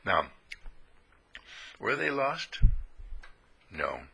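A man preaching a folksy spiritual sermon, animated and playful, swooping into high voices for sheep and characters. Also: very slow, gravelly, slightly rough, poor audio.

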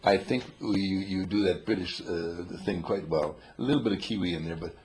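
A man's voice: sits low, brisk, a little mellow, slight background noise. An older man telling rambling, humorous stories to a small group, playful and chuckling, with old-fashioned exclamations.

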